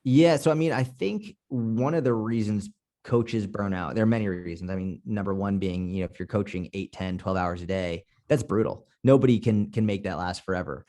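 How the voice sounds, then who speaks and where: A blunt man from Boston speaks in a fairly low voice. He talks candidly on a casual podcast and swears freely. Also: moderate pace, warm tone. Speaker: podcast guest, fitness coach.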